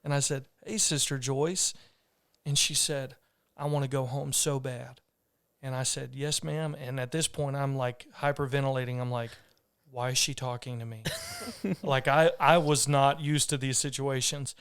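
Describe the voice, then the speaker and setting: A man hosts a podcast, telling a story in an earnest, rambling way. His voice is smooth and clear, with an even, steady pitch. The sound is close and dry. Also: unhurried, no room sound. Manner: earnest, rambling with restarts and fillers. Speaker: podcast host. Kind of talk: casual conversational storytelling.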